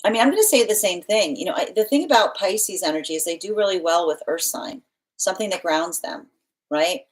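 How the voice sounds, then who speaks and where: Chatty tarot reader, low voice. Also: female voice, low-quality recording. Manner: chatty, laughs often, many fillers and restarts. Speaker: tarot reader answering live chat. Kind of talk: casual live-stream chat.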